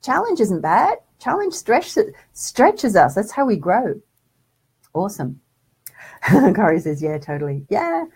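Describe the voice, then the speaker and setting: A woman's voice: mid-range voice, big pitch swings, slow, darkish tone, slightly rough. Woman chatting on a live stream, reads comments, keeps saying my darling, voice jumps up and down a lot. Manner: chatty and affectionate, calls viewers darling. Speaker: spiritual development teacher hosting a live stream. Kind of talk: casual Facebook Live chat, reading viewer comments.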